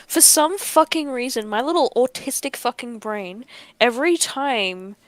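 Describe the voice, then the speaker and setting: A woman's voice: fairly high pitch, animated, a little slow, dry recording. A woman hosting a casual streamed chat, talking frankly and swearing often. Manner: frank and heavily profane. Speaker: podcast host.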